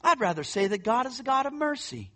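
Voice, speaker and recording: A man putting on a soft, hesitant to impersonate a gentle-spoken preacher. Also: very high voice, sing-song, pitched above the performer's own voice, full character voice. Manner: halting, hedging, gentle.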